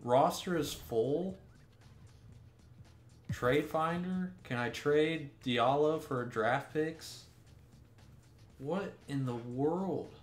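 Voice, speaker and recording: This young gaming YouTuber speaks very slowly in a voice on the high side, pausing often. He rants in exasperation over gameplay, swearing and restarting his sentences. The recording has a roomy echo with faint music behind him.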